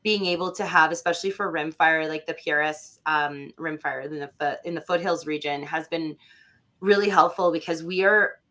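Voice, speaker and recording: A woman from Alberta talks as a podcast guest in a loose, chatty way. Her voice is bright and a little low, full of fillers and lively acted-out quotes. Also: normal speed. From Alberta, Canada. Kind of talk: casual conversational interview.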